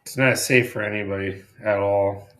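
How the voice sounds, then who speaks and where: A man's voice: on the low side, fairly even intonation, moderate pace, fairly bright tone. A young man co-hosting a casual livestream, mocking and gossipy in tone. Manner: mocking, mimics people in put-on voices. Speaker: stream co-host.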